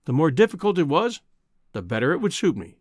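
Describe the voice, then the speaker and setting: A man's voice: on the high side, big pitch swings, a little fast, no echo, studio quality. A man as an eager young reporter. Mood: earnest. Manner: earnest, eager. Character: eager young male reporter, twenty-three.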